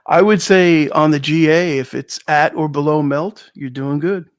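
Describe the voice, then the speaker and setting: A man's voice: fairly high pitch, measured pace. A man co-hosting a livestream in a casual, joking chat, laughing often. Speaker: co-host of a precious metals livestream.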